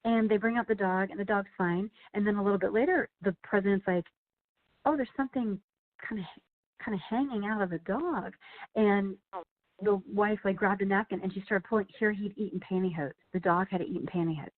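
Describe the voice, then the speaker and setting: A woman's voice: mid-range voice, fairly quick. Chatty woman on a phone line. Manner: chatty storyteller, lots of "you know" and "like". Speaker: author guest. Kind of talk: casual interview chat.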